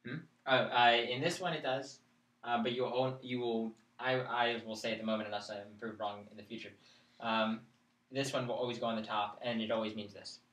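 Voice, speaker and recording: A man's voice: mid-range voice, steady tone, a little fast, fairly bright tone. Man teaching from across an echoey room. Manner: explains patiently, checks in with students. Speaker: chant teacher. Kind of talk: live classroom lesson. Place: classroom, live-streamed. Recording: echoey room, mic far off.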